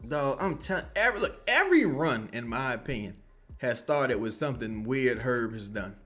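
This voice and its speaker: A man's voice: mid-range voice, very animated, moderate pace, a bit bright, faint music behind. A young man watching a basketball game and reacting live, swearing a lot and ranting in bursts. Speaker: basketball commentator streamer.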